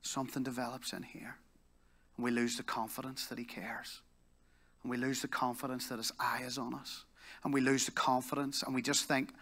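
A man with a Northern Irish accent preaching a sermon at a church service, telling a story with lively energy and then falling to a soft, slow hush. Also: medium pitch, breathy edge. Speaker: pastor. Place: church service in a leisure complex hall.

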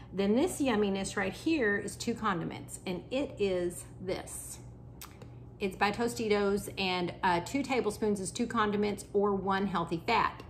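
A woman's voice: mid-range voice, a bit bright, a little hiss or hum. A woman, a health coach chatting casually through a cooking vlog at home, talking while she eats. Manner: chatty, talks while eating.

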